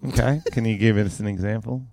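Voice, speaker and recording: A young Australian man with a lowish voice trades crude jokes in relaxed podcast banter. He swears freely and jokes with a loose, casual delivery. His voice is recorded close and dry, with no room sound. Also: fairly quick, creaky, no room sound. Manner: crude, joking, swears a lot. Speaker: podcast co-host.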